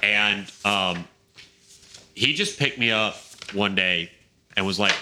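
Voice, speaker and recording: A man's voice: lowish voice, takes it slowly, long pauses, a little hiss or hum. A man co-hosting a podcast, telling a story in casual chat and acting out the quotes with energy. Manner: animated storyteller, acts out quotes. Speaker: podcast co-host.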